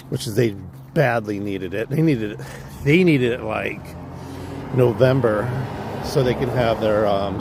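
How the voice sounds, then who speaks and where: A man's voice: on the low side, background noise. A man with a Californian accent, talking through a casual, rambling, profane story on his livestream vlog. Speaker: livestream vlogger.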